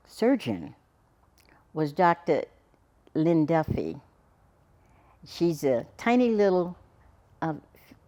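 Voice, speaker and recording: A middle-aged woman, a podcast guest, telling her personal story in an earnest, halting way with frequent restarts. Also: on the low side, a little mellow. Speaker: guest, cancer survivor.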